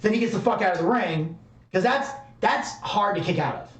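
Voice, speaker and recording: A man's voice: high-pitched, expressive, moderate pace, muffled recording. A man co-hosting a podcast, telling a story casually with lots of fillers and swearing. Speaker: podcast co-host. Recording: echoey room, distant mic.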